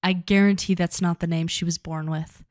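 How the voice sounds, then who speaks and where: A woman co-hosting a podcast in casual chat, chatty and animated with lots of fillers. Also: on the low side, normal speed, no room sound, studio quality. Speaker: podcast co-host.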